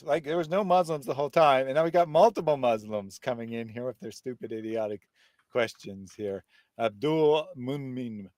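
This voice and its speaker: A man's voice: mid-range voice, animated, a little fast, a little mellow, no echo. A man hosting a live stream and reading out viewer comments, mocking and combative. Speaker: host.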